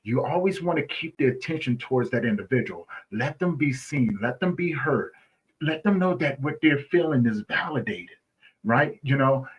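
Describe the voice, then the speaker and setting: A man's voice: fairly high pitch, breathy edge, rough recording. A man speaking as a guest in a conversational interview, earnest, often asking "right?" and restarting his phrases.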